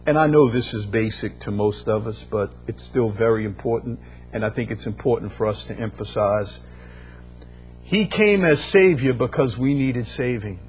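A pastor preaches a sermon at normal speed in a mid-pitched voice, driving points home with repeated phrases that swell into louder bursts. Faint instrumental music plays softly behind him.

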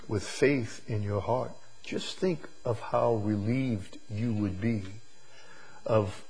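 A man preaching a sermon, drawing words out slowly and swinging from loud emphasis to hushed, quiet lines. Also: fairly low pitch, slightly rough, low-quality recording. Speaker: pastor.

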